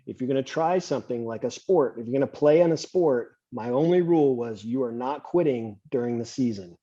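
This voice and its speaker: Man, podcast host, mellow voice, relaxed anecdotal delivery, dull lo-fi recording. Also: mid-range voice, fairly quick. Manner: relaxed, anecdotal, gives advice. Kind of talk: conversational interview, storytelling. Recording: slightly muffled lo-fi audio.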